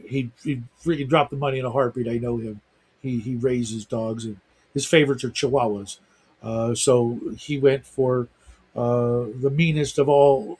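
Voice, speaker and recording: A middle-aged man hosts a livestream talk show, chatting casually and rambling with lots of fillers. His voice is medium in pitch with a breathy edge.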